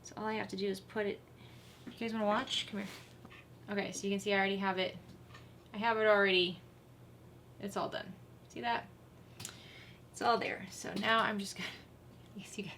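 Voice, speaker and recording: A woman's voice: mid-range voice, flat delivery, a little fast, pauses often, a bit bright, a little hiss or hum. A woman hosting a casual sewing tutorial, chatting and laughing with viewers while she works. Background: faint sewing machine whir.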